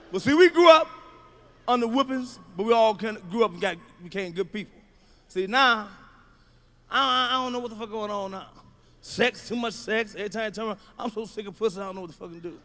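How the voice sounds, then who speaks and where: A middle-aged male stand-up comedian doing a profane routine, swinging from low mutters to loud shouts. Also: brisk.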